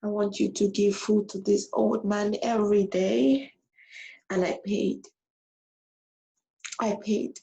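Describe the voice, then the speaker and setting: Woman vlogger, casual emotional story, mellow gravelly voice. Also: medium pitch, takes it slowly, pauses often, rough recording. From abroad. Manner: animated, repeats herself.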